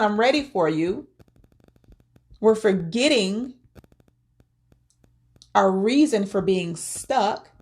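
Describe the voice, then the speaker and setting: Speaking in a creaky, mid-range voice, a woman vlogger shares sincere guidance on grieving, grounded in faith. It's personal spoken advice, and she tends to repeat words as she gropes for what to say.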